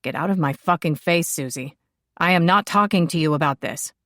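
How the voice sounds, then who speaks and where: A woman voicing a brooding young man who speaks in a terse, flat and unfriendly way. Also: sits low, a little fast, no echo, studio quality. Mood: angry. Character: gruff, brooding young man, curt and defensive.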